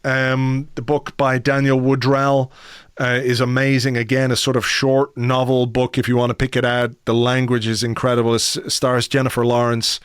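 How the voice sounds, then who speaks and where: A man hosts a podcast in a relaxed, chatty way, with lots of ums and uhs. His voice sits at a middling pitch. The sound is dry and close, with no room behind it. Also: moderate pace, clear, resonant tone, dry recording. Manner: relaxed, chatty, many fillers. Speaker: podcast host. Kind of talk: casual chat.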